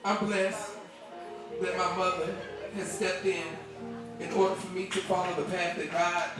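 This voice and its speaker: A woman in her thirties, a singer and bandleader, speaking from the stage in a heartfelt, halting way and choked up with emotion. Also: fairly low pitch, little pitch movement, loud music behind the voice. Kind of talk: stage talk at a live concert. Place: bar stage with a live audience. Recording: echoey live club recording from far off, loud band and crowd.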